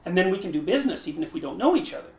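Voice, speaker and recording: A man's voice: sits high, very animated, racing, gravelly. Man lecturing in an echoey room. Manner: restarts phrases, thinks aloud, emphatic. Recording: roomy echo.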